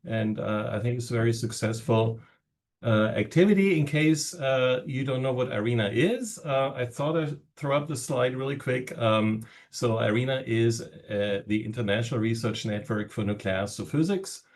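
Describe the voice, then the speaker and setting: A man with a German accent giving seminar opening remarks as a research network director over a video call, halting with many fillers and pauses. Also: mid-range voice.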